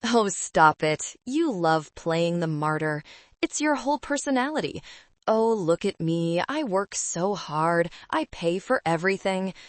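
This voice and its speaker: A woman's voice: fairly low pitch, expressive, a little slow, no echo. A woman voicing a scornful young bride-to-be who talks down to people in a sneering, condescending way.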